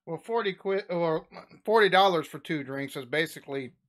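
A man's voice: fairly high pitch, moderate pace, a bit bright. An American man hosting a reaction video, making bemused, chatty asides. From United States. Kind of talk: casual reaction commentary.

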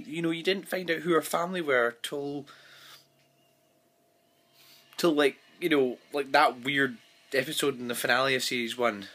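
A man's voice: a little high, fairly even intonation, a little fast, pushed and bright. A man giving a casual, rambling vlog review of a TV episode, recorded on his phone, full of fillers and restarts.

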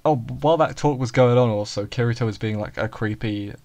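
A man's voice: medium pitch, fairly quick, a little mellow. A young man, co-hosting an anime review chat in a joking, banter-filled way. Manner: joking, banters and acts out characters' lines. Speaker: anime review podcast co-host. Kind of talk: casual chat.

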